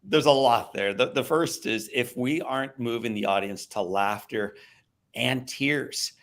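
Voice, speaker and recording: A Midwestern American man appears as a guest speaker, recounting a personal story with lots of energy, swinging from loud outbursts to hushed tones. His voice sits in the mid range, and he speaks a bit slowly.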